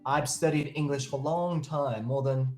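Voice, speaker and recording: A man's voice: mid-range voice, steady tone, moderate pace, a little mellow. A man whose first language is Japanese speaks English with a Japanese accent mixed with Australian tones. He hosts a casual video-call interview in an earnest way, often searching for the right words. His voice sits in a roomy, echoey space with faint music underneath. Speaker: host.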